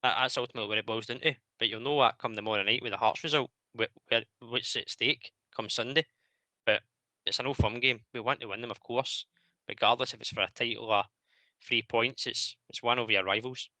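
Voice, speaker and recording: A Scottish man hosting a football phone-in, arguing his point in a steady, reasoned way. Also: medium pitch, a little fast, no room sound.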